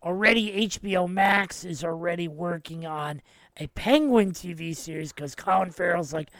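A man's voice: high-pitched, moderate pace, a bit bright, no room sound. A man hosting a podcast, giving a casual and enthusiastic film review and retelling scenes at length. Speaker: podcast host.

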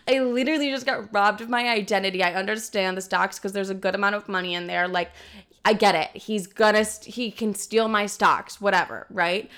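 A young woman tells a story to her viewers in a loose, chatty vlog voice. She swears often and fills her sentences with "like." Her pitch sits in a middle range. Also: pushed and bright. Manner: chatty, swears freely, leans heavily on "like". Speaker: vlogger.

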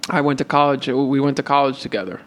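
A man co-hosting a podcast, telling a story in a casual, animated way and acting out both sides of the conversation. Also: mid-range voice, fast talker. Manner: animated retelling with repeated "and I'm like". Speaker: podcast co-host.

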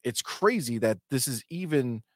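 A man's voice: medium pitch, animated, moderate pace, no echo, clean studio sound. A man co-hosting a gaming talk stream, hyped and profane, thanking chatters and reading their messages. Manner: hype, profane, reads out chat. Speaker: co-host.

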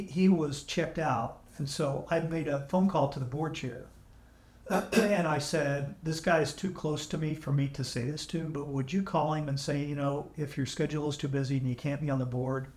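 A man guest on a podcast, telling an emotional personal story in an earnest, halting way with frequent restarts. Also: a little high, steady tone. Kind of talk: candid storytelling. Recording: echoey room, AI-salvaged audio.

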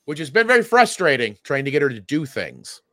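A man co-hosting a comedy podcast, trading crude, profane jokes in casual banter with a deadpan edge. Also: on the high side, brisk, dry recording, studio quality. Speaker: podcast co-host.

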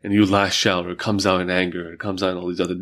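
A podcast host with a low, slightly bright voice races through casual, reflective conversation, keeping his pitch mostly level. He leans on lots of fillers and talks his way through examples.

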